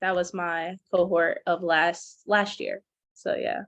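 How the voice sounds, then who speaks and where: A young woman, a program graduate, chatting on a video call, rushing ahead when excited. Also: fairly low pitch, no room sound, lo-fi sound. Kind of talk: casual video-call conversation.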